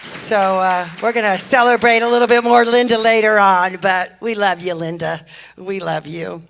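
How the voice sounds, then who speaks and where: A woman's mid-range voice, fairly even in intonation and moderate in pace, delivers heartfelt church announcements in the sanctuary over a handheld microphone with slight background noise. She is effusive, repeats her thanks, and her voice catches with emotion.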